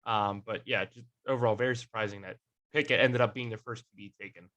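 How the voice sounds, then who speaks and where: A man's voice: lowish voice, fairly even intonation, fast talker, sharp tone. A man co-hosting a sports podcast, talking in a rambling, hesitant way with many fillers and jokes at his co-host. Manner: jokey, teasing his co-host. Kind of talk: casual sports chat.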